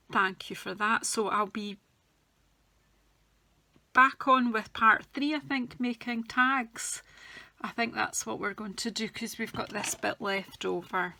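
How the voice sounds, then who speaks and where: Woman, craft demonstrator, bright chatty tutorial delivery, mid pitch, trails off quietly mid-task. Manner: chatty, talks while working, drifts soft and quiet when concentrating.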